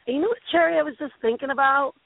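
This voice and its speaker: Gravelly-voiced woman hosting a chatty radio show. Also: sits high, very fast, no echo. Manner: bubbly, rambling, chatty. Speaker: host. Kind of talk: casual talk-radio chat. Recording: tinny phone-like line, dry.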